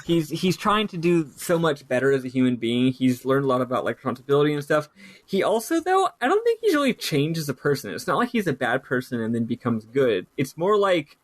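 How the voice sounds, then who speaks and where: A man's voice: fairly high pitch, big pitch swings, brisk, dry recording. A man co-hosting a podcast, chatting casually about a TV show, rambling with many fillers and restarts. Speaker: podcast co-host.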